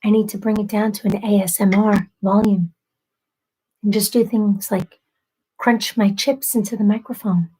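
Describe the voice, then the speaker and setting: A woman's voice: medium pitch, steady tone, moderate pace, warm tone, husky, low-quality recording. A woman in her thirties chatting casually with viewers on a livestream, apologetic and self-deprecating. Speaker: livestream host.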